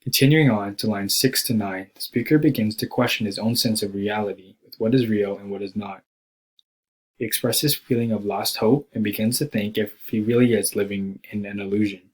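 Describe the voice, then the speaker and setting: A man reading a school presentation aloud from a script, slowing down when he quotes the poem. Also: on the low side, fairly even intonation, husky, poor audio. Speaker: student presenter.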